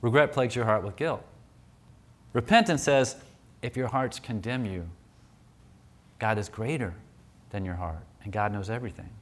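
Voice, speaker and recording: A man's voice: on the low side, moderate pace, long pauses. A man preaching a sermon in a conversational, storytelling way, often restarting his sentences.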